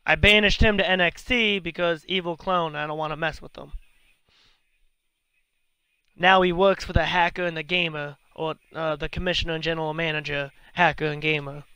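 Excitable high-voiced man commentating a game. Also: moderate pace, clean tone, no room sound. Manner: excitable, profane, chatty. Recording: noisy home recording.

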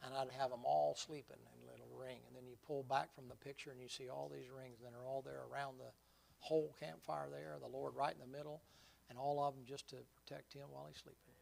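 A man's voice: medium pitch, flat delivery, a little fast, vocal fry, darkish tone. A man preaching a sermon in a folksy, vivid storytelling manner.

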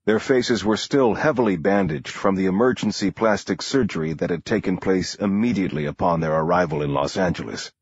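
A man reading a first-person thriller audiobook in a measured, low-key way. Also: slightly rough, dry recording. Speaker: audiobook narrator. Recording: muffled dry close-mic audio.

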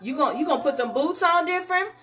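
A woman selling jewelry on a live stream, sassy and animated, calling her viewers honey. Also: very high-pitched, fast talker. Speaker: online jewelry seller.

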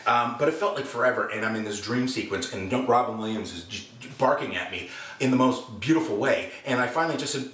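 An actor, telling a personal anecdote in an animated way and acting out quotes. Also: male voice, mid-range voice, fairly quick, far from the mic. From Canada. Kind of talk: anecdotal storytelling. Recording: roomy room, speaker set back from mic.

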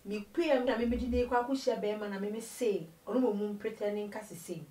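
A woman telling her life story in an interview, an animated storyteller who switches between Twi and English. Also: mid-range voice, brisk, echoey room, recorded from a distance, poor audio. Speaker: interview guest.

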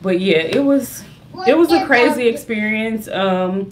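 A young woman in casual storytime chat, animated and laughing often as she tells a story, speaking in fast bursts. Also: fairly high pitch. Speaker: vlogger, mother.

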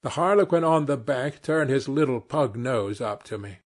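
A man reading an adventure novel aloud as an audiobook, with measured, expressive storytelling. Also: medium pitch. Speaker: audiobook narrator. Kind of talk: scripted audiobook narration.

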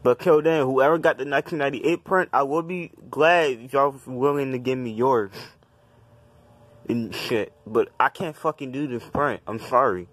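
Husky young male vlogger, mid-range voice, venting angrily with constant swearing. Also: medium pitch, moderate pace, a bit bright, dry recording. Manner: agitated, profane, repetitive complaining. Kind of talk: casual rant to camera.

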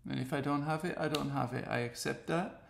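Earnest English man with a gravelly voice. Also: mid-range voice, brisk, roomy sound, slight background noise. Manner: earnest, heartfelt, pleading. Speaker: parent speaking to the camera. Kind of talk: personal video message.

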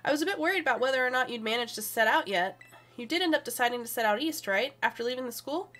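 A woman's voice: on the high side, animated, quick pace, a bit bright. A woman reading a friendly young male classmate calling on the phone, in her own plain voice. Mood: chatty. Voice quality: plain reading voice, no accent put on.

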